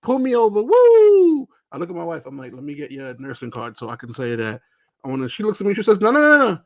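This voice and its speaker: A man from Brooklyn telling stories in casual chat, acting out the other people's lines loudly. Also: medium pitch, fast talker, no room sound. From Brooklyn, New York. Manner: animated storyteller who acts out quotes loudly. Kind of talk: casual chat, animated storytelling.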